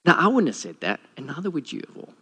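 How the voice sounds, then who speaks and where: Guy preaching, kinda higher voice, tells stories and does little voices for people. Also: huge pitch swings, fast, sharp tone, breathy edge. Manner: storytelling, acts out quotes with a lowered voice. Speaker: pastor. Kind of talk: sermon.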